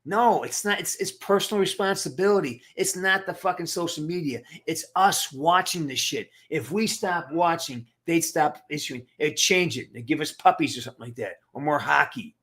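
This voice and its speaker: A middle-aged man on a livestream rants casually to his live chat, blunt, profane, and emphatic, answering viewers' comments. His voice is on the high side and fairly bright, at a moderate pace with few pauses.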